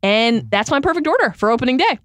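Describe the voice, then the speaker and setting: A woman's voice: fairly high pitch, sing-song, quick pace, a bit bright, dry recording, clean studio sound. A woman guest talking enthusiastically and chattily about food. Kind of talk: casual chat.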